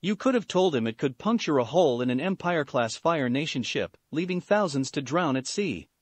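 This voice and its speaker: A man's voice: on the high side, animated, fairly quick, dry recording. A man voicing a wry, easygoing young male bodyguard in a fan-fiction story reading.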